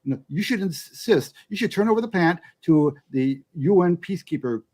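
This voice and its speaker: A man's voice: high voice, lively intonation, normal speed, darkish tone. A man co-hosting a podcast, chatting casually and adding wry, cynical asides. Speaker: podcast co-host. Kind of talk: casual political chat.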